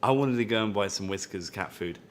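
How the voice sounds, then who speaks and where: A man's voice: lowish voice, a little fast, slight background noise. A man hosting an interview in a bar, asking questions in a jokey, playful way. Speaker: interviewer host. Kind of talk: casual interview chat.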